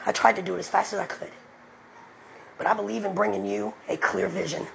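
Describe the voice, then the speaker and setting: A woman's voice: medium pitch, fairly even intonation, brisk, gravelly, slight background noise, low-quality recording. A woman preaching with fiery, profane emphasis, then praying aloud. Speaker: online preacher. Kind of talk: impassioned preaching and prayer.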